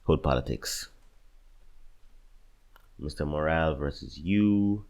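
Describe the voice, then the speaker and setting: Rumbling low and taking things slowly, this young bracket creator has a darkish tone. Reacting casually, he struggles to pick between songs, cursing frequently and talking to himself as he decides.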